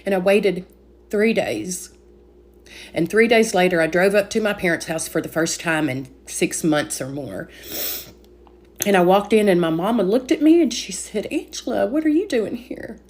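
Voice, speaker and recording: A woman's voice: fairly low pitch, lively intonation, normal speed, darkish tone. A woman giving an earnest, emotional personal faith testimony, full of "like" fillers.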